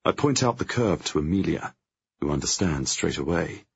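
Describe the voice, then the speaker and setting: Gravelly, husky man narrating an audiobook. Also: extremely low pitch, animated, dry recording. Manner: tense, measured storytelling. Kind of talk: first-person audiobook narration. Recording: dry, dull lo-fi audio.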